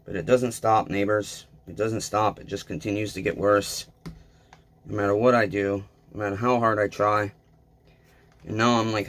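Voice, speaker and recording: Flat, low-voiced repair vlogger. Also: male voice, moderate pace, pauses often. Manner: blunt, self-deprecating, rambling asides to viewers. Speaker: small engine repair vlogger. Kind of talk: casual talk while repairing.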